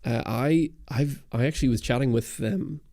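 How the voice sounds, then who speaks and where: A man's voice: mid-range voice, moderate pace, mellow, no echo. A young man hosting a livestream camera Q&A, chatting casually and rambling with lots of ums and restarts. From Ireland and Britain. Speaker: camera channel host. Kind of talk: livestream Q&A, reading chat. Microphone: studio dynamic mic.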